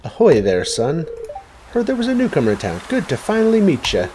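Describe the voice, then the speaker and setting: A man's voice: on the high side, huge pitch swings, brisk, darkish tone, slight background noise, voice pushed up. Man putting on an old Scottish-ish fisherman. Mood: folksy. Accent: attempted Scottish. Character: gruff old male fisherman shopkeeper, folksy.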